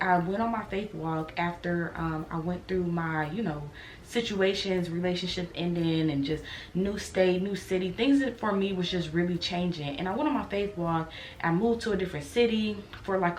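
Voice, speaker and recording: Earnest young woman in an echoey room. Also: fairly low pitch. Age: 20s. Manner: earnest, reflective, talks straight to viewers. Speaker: vlogger. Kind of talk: candid sit-down vlog confession. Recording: roomy echo, faint noise.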